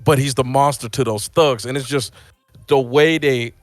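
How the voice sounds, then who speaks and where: Male co-host, lively movie chat, mid-pitched, dry studio voice. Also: moderate pace, no room sound, soft background music. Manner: excitable, animated storytelling. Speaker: podcast co-host. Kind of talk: casual movie review chat.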